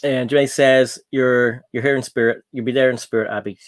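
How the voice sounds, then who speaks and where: A man's voice: mid-range voice, fairly even intonation, brisk, no room sound, clean studio sound. An Irish man hosting a livestream, chatting casually and reading out viewer comments with plenty of ums. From Ireland. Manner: rambling, chatty, full of ums and laughs. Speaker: livestream host.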